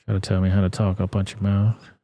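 A man's voice: low voice, flat delivery, fast talker, mellow, no room sound. A man hosting a casual livestream, reacting to videos and reading chat with crude, blunt, profane talk. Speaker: livestream host.

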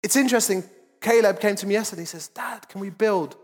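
High-voiced pastor in a reverberant hall. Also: male voice, fast talker, a little hiss or hum. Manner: conversational, joking, self-deprecating preaching. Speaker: lead pastor. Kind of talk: sermon. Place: church auditorium. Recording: large church hall with long reverb.

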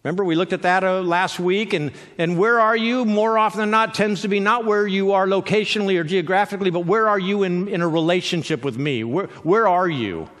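A man with a high voice preaching a sermon, his speech echoing through a hall with a long reverb. He talks in a conversational way and breaks into joking asides. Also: a little fast, few pauses, a bit bright. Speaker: pastor.

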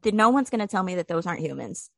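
A woman's voice: fairly low pitch, animated, racing, vocal fry, fairly bright tone, dry recording. A woman co-hosting a podcast, telling rambling, profane stories with lots of laughing. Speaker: podcast co-host. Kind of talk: casual chat.

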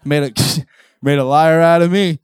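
A man preaching a sermon and telling personal stories, swinging between hushed intensity and loud exclamation. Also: on the high side, steady tone, a little slow, smooth, no room sound.

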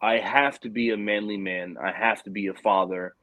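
A man's voice: on the low side, steady tone, moderate pace, pushed and bright, dry recording, poor audio. A young adult man telling a personal story in casual conversation, earnest and rambling with many restarts.

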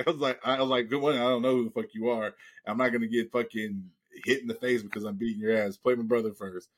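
A man's voice: mid-range voice, steady tone, fast. A man hosting a podcast, telling a long profane story in casual chat and acting out the voices of the people in it. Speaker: podcast host.

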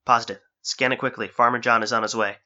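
A man's voice: mid-range voice, fairly even intonation, quick pace, sharp tone, lo-fi sound. A man doing a cocky wisecracking hero. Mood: urgent. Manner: breezy and wisecracking. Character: cocky, unflappable male adventurer.

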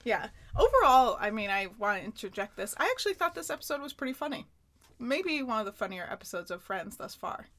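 A woman's voice: on the high side, sing-song, brisk, fairly bright tone. A woman with a Western New York accent, co-hosting a podcast in casual chat, acting out characters' lines in loose impressions. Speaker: podcast co-host. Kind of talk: casual chat recapping a sitcom episode.

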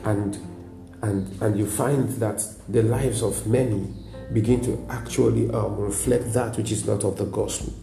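Nigerian male pastor, lowish gravelly voice, emphatic repeating sermon, roomy echo with faint music behind. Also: steady tone, measured pace. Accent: Nigerian English. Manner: emphatic preaching with repetition and frequent "praise God".

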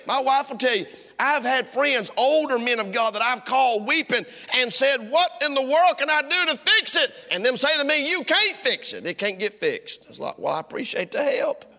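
A middle-aged male pastor preaching a sermon, swinging from loud, driving lines to hushed ones. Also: very high voice. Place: church sanctuary. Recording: long church reverb.

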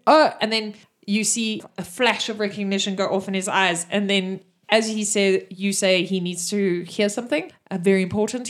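A woman running a tabletop game as game master, narrating the scene in a lively, playful way. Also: medium pitch, normal speed, dry recording.

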